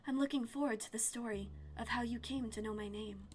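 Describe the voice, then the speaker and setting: A woman voicing a sly, mischievous young man who lives in an alien forest, speaking low, slow and hushed. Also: a little hiss or hum, lightly acted. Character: sly mischievous male forest dweller, cat-like.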